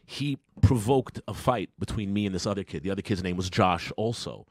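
A young adult man, a comedian co-hosting a podcast, telling a story casually, swearing a lot and jumping into loud impressions of the people in it. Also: deep voice, brisk, no room sound, studio quality. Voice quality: profane, wisecracking delivery. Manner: acts out quoted lines in a jumped-up loud voice.

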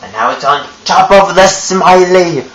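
A young man playing himself as an excitable ghost in a put-on British accent. He makes loud, drawn-out announcements. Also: high voice, slightly rough, pitched above the performer's own voice, full character voice, low-quality recording. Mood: playful. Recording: hissy home camera audio, off-mic.

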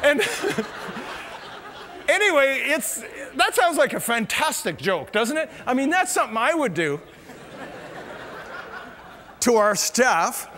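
A man's voice: very high-pitched, big pitch swings, measured pace, pauses often, bright, forceful tone, some chatter behind. A middle-aged man preaching a sermon, telling humorous stories and laughing at his own jokes. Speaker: pastor. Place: large church hall. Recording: reverberant church hall.

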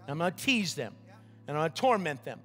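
A man's voice: a little high, big pitch swings, brisk, a bit bright, in a large hall, soft background music. An older man voicing a boastful, cruel male devil in a sermon story, gloating as he lists threats.

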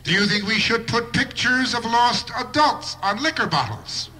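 A man's voice: extremely high pitch, animated, normal speed, bright, forceful tone. A man doing a live stand-up routine with a wry observational delivery and bursts of mock outrage. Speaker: stand-up comedian.

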